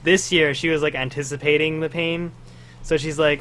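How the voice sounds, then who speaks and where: Bright-voiced man in casual podcast chat. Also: a little high, a little fast, a little hiss or hum. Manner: animated storytelling, acts out quotes. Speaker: podcast co-host.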